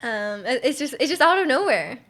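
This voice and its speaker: A woman's voice: sits high, sing-song, fairly quick, a bit bright. Giggly young woman, rambling stream chat. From Canada. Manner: rambling, filler-heavy, giggly asides. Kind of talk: casual chat reading viewer messages.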